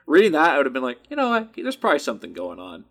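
Animated young man telling a story. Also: a little high, fast talker. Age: young adult. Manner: animated storyteller, swears freely, acts out quotes. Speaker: podcast co-host. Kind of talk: casual podcast chat.

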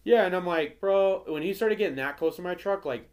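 A man's voice: sits high, quick pace. A laid-back young man in a casual podcast chat, who fills his talk with "bro" and "like". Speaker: podcast co-host.

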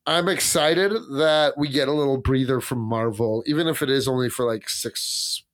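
Male co-host, laid-back, mid-pitched, easy agreeable chatter. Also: normal speed. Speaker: podcast co-host. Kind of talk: casual chat.

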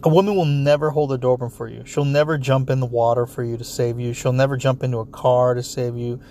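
A man's voice: mid-range voice, fast talker, slight background noise. A man in a blunt, profane ranting monologue, talking straight at his listeners with heavy swearing. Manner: animated, talks straight at listeners. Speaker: solo commentator.

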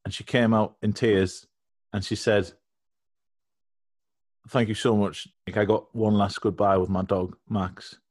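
A man's voice: fairly low pitch, flat delivery, measured pace, pauses often, darkish tone. Man telling a cheeky story. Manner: rambling, cheeky, laughs at his own jokes. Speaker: podcast co-host. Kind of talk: casual comic storytelling.

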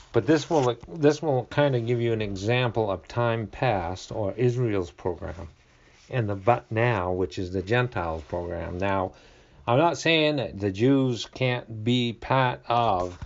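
A man teaches the Bible in a relaxed, conversational way, leaning on each key word. He talks very slowly and stops now and then to find his verse. The recording is dull and lo-fi. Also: medium pitch, creaky. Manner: slow and deliberate, stressing key words; reads scripture aloud, pauses to find verses.

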